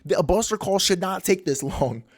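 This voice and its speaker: A man's voice: high voice, expressive, moderate pace. A man doing impatient scolding old elders.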